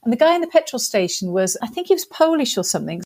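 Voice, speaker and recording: An English woman, a podcast guest, telling stories in a casual, animated way, laughing often and poking fun at herself. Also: a little high, fast. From England. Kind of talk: casual storytelling.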